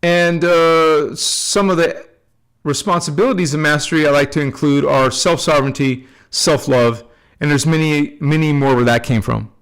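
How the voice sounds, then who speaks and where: A man hosting a spiritual channel, talking loosely to his viewers and closing with soft blessings and affirmations. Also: a little high, steady tone, normal speed, clear, resonant tone. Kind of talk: casual spiritual talk to camera.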